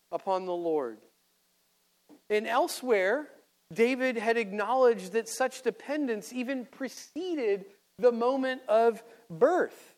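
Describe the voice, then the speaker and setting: A man preaching an expository sermon, reading scripture aloud and pausing often for emphasis, sometimes correcting himself. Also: extremely high pitch. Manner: slow, deliberate, with emphatic pauses and self-corrections.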